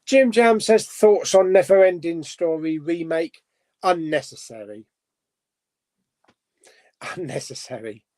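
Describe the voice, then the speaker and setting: A man's voice: high voice, measured pace, few pauses, warm tone. A man hosting a casual live chat, reading out viewer comments and musing aloud, laughing to himself as he goes. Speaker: host.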